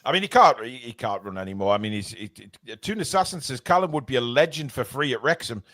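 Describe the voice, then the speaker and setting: A man's voice: mid-range voice, animated, fast talker, fairly bright tone, no echo. A man hosting a casual fan podcast, rambling and laughing as he reads out viewer comments. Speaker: host of a fan forum show.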